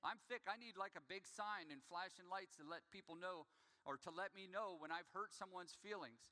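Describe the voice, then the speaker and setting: A male pastor delivers a casual, self-deprecating sermon, often checking in with his listeners. His voice sits a bit high and sounds bright and forward. Long reverb from a big hall trails each phrase. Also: moderate pace. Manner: conversational, self-deprecating, keeps asking "right?".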